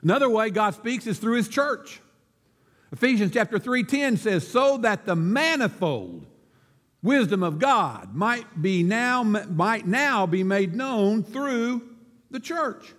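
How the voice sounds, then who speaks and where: A man's voice: high-pitched, very animated, slow pace, fairly bright tone, big-room sound. A man preaching a sermon as pastor, telling a folksy story and laughing at his own joke.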